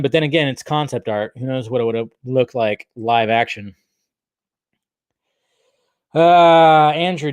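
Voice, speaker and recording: A man's voice: medium pitch, clean tone, no echo, clean studio sound. A man hosting a casual livestream, reading chat questions aloud and answering in a rambling, profane way.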